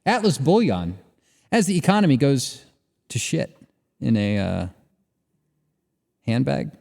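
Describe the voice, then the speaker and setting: A man co-hosting a podcast, reading sponsor spots and joking in a relaxed way with fillers. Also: medium pitch, measured pace, gravelly, in a large hall. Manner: lively, joking, drawls ad reads with fillers. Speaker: podcast co-host. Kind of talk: casual chat and read ads.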